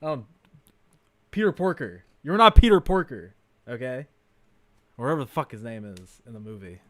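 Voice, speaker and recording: A man hosting a livestream, reacting to a video with crude, mocking commentary that swings between loud outbursts and mutters. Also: mid-range voice, very animated, moderate pace, dry recording, clean studio sound.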